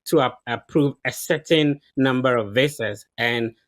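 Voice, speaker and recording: A man with a mid-pitched voice hosts an interview. He asks inquisitive, long-winded questions and sets out the context before getting to the point. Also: unhurried, a bit bright. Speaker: interview host.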